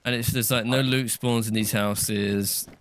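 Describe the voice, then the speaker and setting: A man's voice: lowish voice, fairly even intonation, unhurried, fairly bright tone, slight background noise. A man co-streaming a survival game, chatting in a wry, offhand, grumbling way. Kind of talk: casual live gameplay chat.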